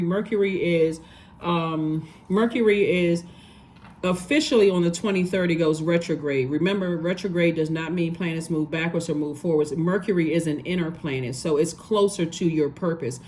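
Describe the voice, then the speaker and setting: A woman's voice: on the low side, fairly quick, darkish tone, slight background noise. A woman giving a casual tarot reading, talking emphatically and repeating phrases for stress. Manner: conversational, loose and rambling. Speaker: tarot reader.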